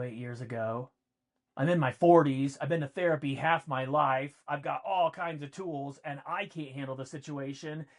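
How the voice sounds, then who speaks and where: Man, middle-aged, podcast co-host, personal storytelling, emphatic, repetitive phrasing. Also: a little high. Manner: emphatic, repeats key points for effect.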